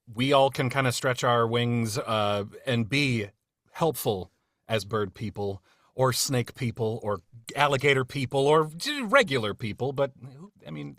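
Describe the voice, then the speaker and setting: Man, casual podcast chat, rambling, lots of fillers, mid pitch, dry close mic. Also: pushed and bright, no room sound. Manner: friendly, rambling, many fillers and restarts. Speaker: cast member leading a retrospective discussion.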